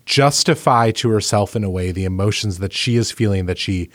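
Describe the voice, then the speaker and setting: A man in casual conversation, calmly affirming and adding to what his partner says. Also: fairly low pitch, a little fast, dry recording, studio quality.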